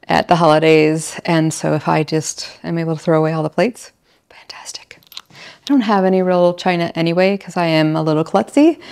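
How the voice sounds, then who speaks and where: A chatty middle-aged woman talks casually at home while she decorates. Her voice sits a little low with plenty of gravelly fry. She laughs often and likes to wander off into stories. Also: darkish tone. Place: home, indoors.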